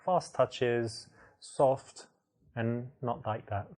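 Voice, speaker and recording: A dating coach in a video game, handing out advice in a calm, lecturing tone. His voice sits at an ordinary middle pitch. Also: very slow. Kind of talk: scripted instructional game narration.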